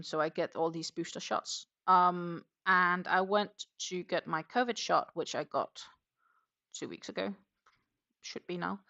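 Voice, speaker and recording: On a lo-fi home crochet livestream, a Danish woman with a lowish, bright, forceful voice chats casually and reads out viewer comments, filling her speech with lots of fillers. Her accent blends Danish, Dutch and English.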